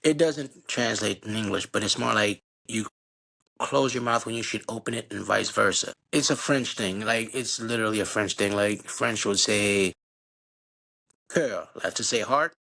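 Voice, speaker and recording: A middle-aged man from Haiti, a podcast guest telling animated, slangy stories about growing up. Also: fairly low pitch, moderate pace, vocal fry. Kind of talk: casual storytelling conversation.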